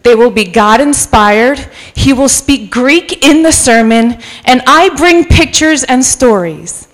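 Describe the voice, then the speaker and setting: A woman's voice: sits high, lively intonation, takes it slowly. Joking woman preacher, New Jersey accent. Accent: mixed North Jersey. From New York City. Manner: chatty and joking, mixing in Spanish phrases. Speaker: guest preacher. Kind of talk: sermon with personal storytelling. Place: church sanctuary.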